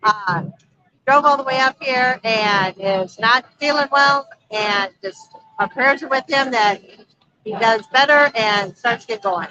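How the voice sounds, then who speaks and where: A woman's voice: a little high, unhurried, bright, forceful tone. A woman co-hosting a casual live stream from a busy street, reading viewer comments aloud and chatting. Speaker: vlog co-host reading live chat. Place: busy street outdoors at a motorcycle rally. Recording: dull lo-fi livestream audio.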